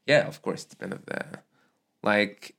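A man with a lowish voice hosting a relaxed chat in English. His first language is Arabic, and he speaks in halting bursts, stopping to hunt for the right word. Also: gravelly. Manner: halting, searches for English words. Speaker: podcast host. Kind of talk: casual conversation.

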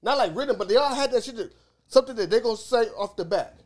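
A man's voice: very high voice, lively intonation, fast talker. A man co-hosting a casual podcast, insistently arguing his point among friends with heavy swearing. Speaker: podcast co-host.

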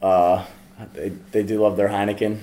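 Mellow low-voiced man, rambling. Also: little pitch movement, moderate pace. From Pittsburgh. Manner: rambling, stumbling over words. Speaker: podcast host running the bracket. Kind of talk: casual chat.

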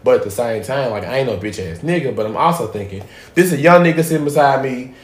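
A man hosting a casual podcast, telling a profane story with animated swings between loud bits and hushed asides. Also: mid-range voice, fast talker. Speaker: podcast host. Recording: echoey room.

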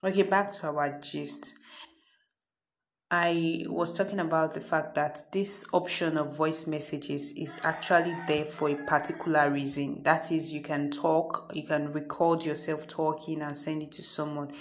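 A woman's voice: sits low, little pitch movement, unhurried. A Nigerian woman hosting her own podcast, talking in a chatty, freewheeling, unedited monologue from her parents' home. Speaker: podcast host.

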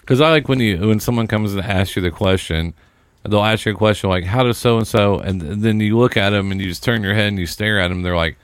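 A man with a somewhat low voice co-hosting a podcast. He rambles and trails off mid-sentence in easy, chatty talk. The recording is dry and close. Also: a little fast, clear, resonant tone, dry recording. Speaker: podcast co-host. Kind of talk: casual chat.

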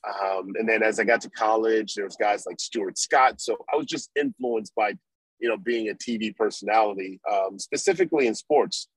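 Husky-voiced former football player telling stories. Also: male voice, lowish voice, normal speed, dry recording, poor audio. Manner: animated storyteller, acts out his own past thoughts. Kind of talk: storytelling interview.

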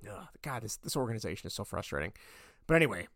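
A man hosting a sports podcast, talking casually and getting worked up into loud rants. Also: on the low side, very animated, fast, dry recording. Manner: ranting, gets worked up and loud. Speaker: podcast host. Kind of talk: casual sports opinion monologue.

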